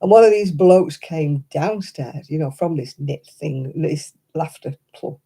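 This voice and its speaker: A woman's voice: deep voice, measured pace, dark tone, husky. An older woman hosting a crafting livestream, telling stories in casual chat and laughing often as she talks. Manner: chatty anecdotal storyteller, laughs often.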